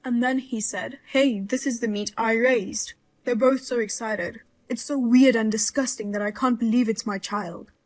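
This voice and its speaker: A woman voicing a sharp-tongued outraged mother-in-law. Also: a little high, steady tone, normal speed, hardly any pauses, natural voice. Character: blunt furious mother-in-law, older woman. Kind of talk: dramatized story voice-over.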